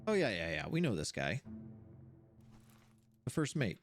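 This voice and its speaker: An animated streamer, thinking aloud while playing a game, voice jumping up high when surprised. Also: measured pace, faint music behind. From Seattle area, USA. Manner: animated, puzzling things out, sudden jumps to high pitch.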